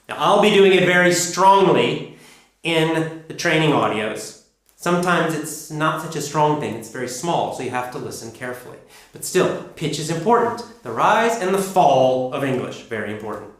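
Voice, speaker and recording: A man with a North American accent gives a pronunciation lesson, stretching out example sentences to show how pitch and stress work. His voice sits a little high for a man. The recording has a strong, roomy echo. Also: animated, fairly bright tone. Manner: slow, emphatic demonstrations of pitch and stress. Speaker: English pronunciation teacher. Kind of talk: spoken lesson to learners. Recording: very echoey room.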